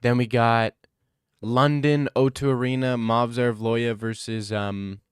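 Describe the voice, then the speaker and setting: A man's voice: mid-range voice, flat delivery, measured pace, clean tone, no room sound. Young man riffing on a clean, dry mic. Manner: joking, laughs often, swears casually. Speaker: streamer. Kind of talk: casual reaction stream.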